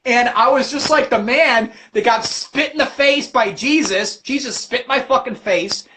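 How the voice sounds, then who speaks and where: A man hosting a livestream, ranting about religion with constant cursing and animated storytelling. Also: very high-pitched, normal speed, a little hiss or hum. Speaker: livestream host. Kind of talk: profane religious rant.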